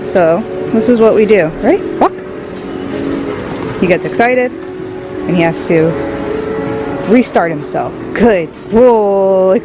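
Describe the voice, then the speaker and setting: A woman with a lowish voice vlogs casually, first in a store and then at home in bed. She chats to the camera and gives her dog short commands and cheerful praise. The audio is poor.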